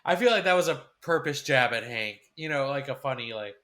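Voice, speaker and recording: A man co-hosting a podcast, chatting casually about a cartoon episode with relaxed, agreeable reactions and fillers. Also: mid-range voice, a little fast. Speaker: podcast co-host.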